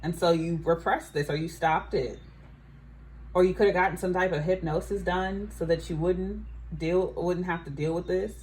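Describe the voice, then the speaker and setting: A woman's voice: fairly low pitch, fairly even intonation, moderate pace, a little mellow. Chatty woman giving a tarot reading. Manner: chatty, musing, frequent "I feel like". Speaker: tarot reader. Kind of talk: casual psychic reading to camera.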